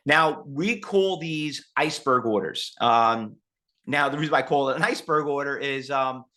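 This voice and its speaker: Forceful, animated male trading teacher. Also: medium pitch, moderate pace. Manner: animated and rambling, acts out quotes. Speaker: trading educator. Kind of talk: live webinar teaching.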